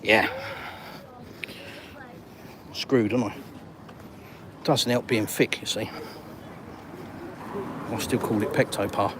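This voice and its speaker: Out on a city seafront, an English guy vlogs as he walks, holding up his phone and chatting to his audience in a slangy, teasing, jokey manner. His voice is medium in pitch, and there's a slight background hiss or hum.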